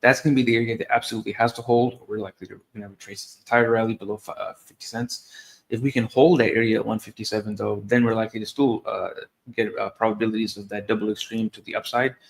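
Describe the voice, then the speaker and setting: A man giving technical market analysis, explaining price levels in a steady, methodical way. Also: lowish voice, fast talker, vocal fry. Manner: steady explanation, occasional restarts.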